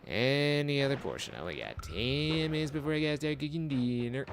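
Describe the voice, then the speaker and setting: A man's voice: medium pitch, expressive, fairly quick, vocal fry, slight background noise. A man streaming a game, giving casual commentary and muttering to himself in a chatty, self-mocking way.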